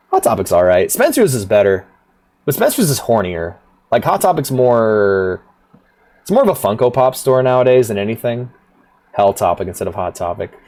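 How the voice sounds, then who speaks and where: A man's voice: medium pitch, darkish tone. A man streaming a rhythm game, chatting casually in a rambling, profane way, laughing often. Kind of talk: casual livestream chat.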